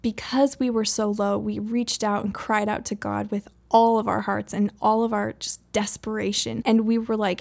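A woman's voice: medium pitch, vocal fry, a little mellow. A woman in her thirties telling a personal faith story to listeners, earnest and emotional, with frequent laughs and filler words like "like" and "you know.". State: near tears. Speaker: speaker sharing a faith story.

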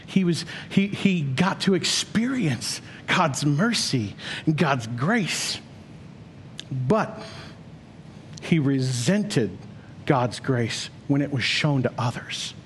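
High-pitched pastor guy preaching, earnest, gets loud on the questions. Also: very animated, slow, a little hiss or hum. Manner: earnest, rising to emphatic questions. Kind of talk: sermon.

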